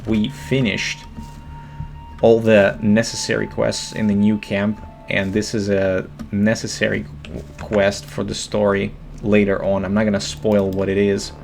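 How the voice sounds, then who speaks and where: A man giving monotone, hesitant game walkthrough commentary with many fillers. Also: fairly low pitch, unhurried, gravelly, faint music behind.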